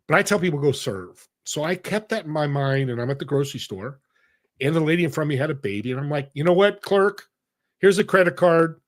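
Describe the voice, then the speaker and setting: A middle-aged man as an interview guest, telling stories with energy and speaking straight to the audience. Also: on the high side. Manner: animated, addresses the audience directly. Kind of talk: conversational storytelling.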